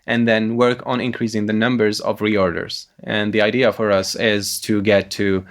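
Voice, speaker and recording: Hesitant low gravelly man founder. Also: little pitch movement, normal speed. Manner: hesitant, many uh fillers, occasional slips. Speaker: startup founder pitching. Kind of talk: pitch meeting answers.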